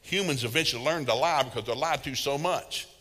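Man, preacher, folksy humorous sermon, bright tone, long reverb in a large hall. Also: mid-range voice, fairly quick, slight background noise. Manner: folksy, humorous storytelling with laughs.

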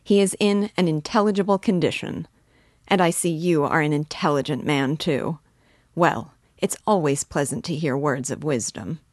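A hearty young male student who takes charge and jokes as he talks, read by a woman. The voice sits low and the sound is dry and close. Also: moderate pace, a little mellow, dry recording. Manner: hearty, bossy, joking.

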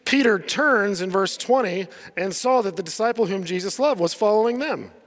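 A man with a high, light voice preaching a sermon from the pulpit, chatty and quick to laugh, acting out what the people in the story say. The sound carries the long reverb of a big church hall. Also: lively intonation. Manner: conversational, laughs often, acts out quotes. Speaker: pastor.

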